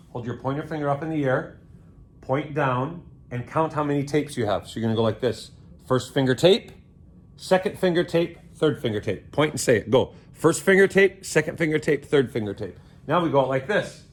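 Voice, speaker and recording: A man in a school orchestra room walks children through a string lesson. He talks in a playful, coaching way, with sing-song call-and-response chants and goofy jokes. His voice sits at an ordinary middle pitch. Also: a bit bright.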